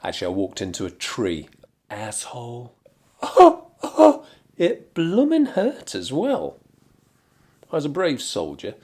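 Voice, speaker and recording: Rambling dry-humoured man. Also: mid-range voice. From England. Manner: digressive, dry deadpan humour with muttered asides. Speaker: vlogger. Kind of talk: rambling comic monologue.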